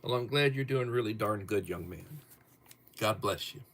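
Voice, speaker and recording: Reading viewer-submitted topics aloud at an unhurried pace, the middle-aged host of this casual livestream keeps chuckling. His pitch is fairly low, with a bit of brightness to it.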